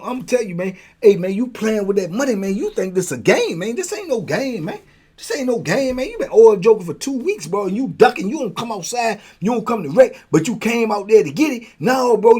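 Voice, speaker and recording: A man's voice: high voice, husky. An older man telling a prison story in casual slang, acting out the voices of the people in it. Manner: animated, acts out voices of others in his story. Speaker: storyteller host.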